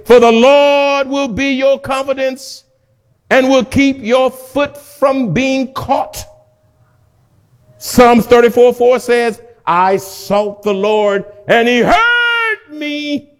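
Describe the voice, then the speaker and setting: A man preaching a sermon. He reads scripture with a preacher's cadence, breaks out in shouted lines and calls the congregation to answer back, and at times his voice turns tearful and pleading. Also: extremely high pitch. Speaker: pastor.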